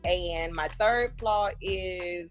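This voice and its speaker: A woman's voice: lowish voice, extremely slow, soft background music. A woman contestant answering dating show questions, candid and chatty about her own flaws. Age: adult with a grown son. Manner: candid, self-deprecating, chatty. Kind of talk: casual panel interview answers.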